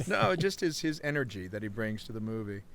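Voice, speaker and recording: A man's voice: lowish voice, big pitch swings, fairly quick, gravelly, fairly bright tone. A man in a casual podcast film discussion, enthusiastic and talking in long run-on thoughts.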